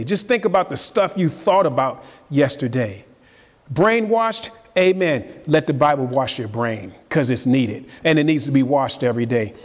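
A man preaching a live-streamed sermon as pastor, earnest and building to emphatic peaks. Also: on the high side. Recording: long church-hall reverb.

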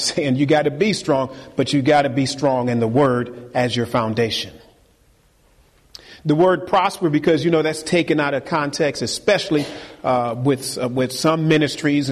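Emphatic preacher in a reverberant hall. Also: male voice, mid-range voice, steady tone, normal speed. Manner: emphatic, preacherly, repeats key phrases. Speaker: pastor. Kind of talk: sermon.

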